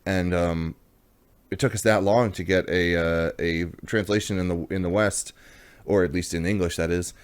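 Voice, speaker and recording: A man with a very low voice talks casually through a comics review he hosts. He rambles in a friendly, chatty way and pokes fun at himself along the way. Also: steady tone, normal speed, clear, resonant tone. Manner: chatty, rambling, self-deprecating.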